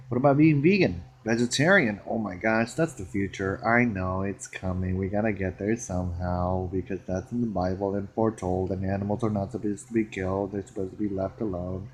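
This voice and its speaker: A man rambling in a solo vlog, playful and giggly, swinging between excited bursts and hushed musing. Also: on the low side, normal speed, breathy edge. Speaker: vlogger.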